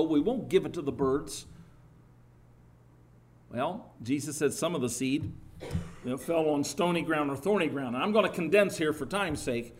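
A middle-aged man preaching a sermon as pastor, earnest and lively, with rising emphatic bursts and some halting restarts. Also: a little high.

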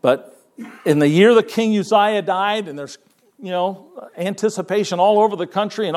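Male pastor, fairly high voice, folksy sermon delivery, repeats himself, reads old-style scripture. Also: moderate pace. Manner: folksy, repeats words, quotes scripture in King James wording.

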